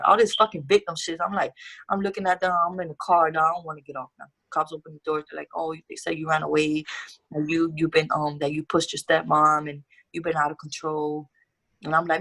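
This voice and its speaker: A woman's voice: sits low, level tone, fairly quick, fairly bright tone. A young woman guest telling her life story in a casual interview, candid and profane with street slang.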